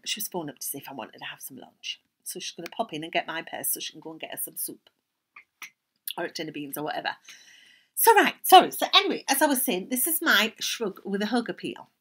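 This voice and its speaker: Older geordie woman, bright voice, rambly knitting podcast chat, lots of soft little asides. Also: lowish voice, fairly quick, husky. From North East England. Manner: chatty, rambling, often drops to soft asides. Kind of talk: casual chat.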